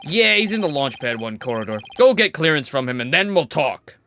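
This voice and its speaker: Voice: mid-range voice, big pitch swings, a little fast, a bit bright, a little hiss or hum. A streamer voicing a barking security guard. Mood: stern. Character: stern male security guard. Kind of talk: reading game dialogue aloud.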